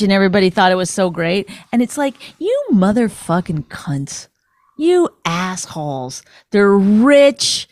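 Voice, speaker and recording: A woman's voice: mid-range voice, very animated, a little slow, darkish tone, no room sound. Profane ranting woman, dry room. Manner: profane, ranting, mocks celebrities in put-on voices. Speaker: podcast co-host. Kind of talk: casual chat.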